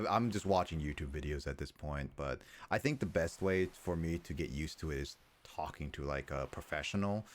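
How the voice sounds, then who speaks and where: A man livestreaming a game from home, chatting casually in a rambling, stop-start way with his viewers. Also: extremely low pitch. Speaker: livestreaming gamer. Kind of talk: casual chat while playing. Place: home room, fan running.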